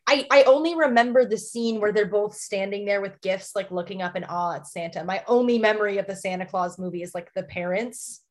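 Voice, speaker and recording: A woman's voice: medium pitch, fairly quick, few pauses. A young woman co-hosting a podcast in casual chat, laughing often and restarting her sentences. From lives in the Canadian Maritimes. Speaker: podcast co-host.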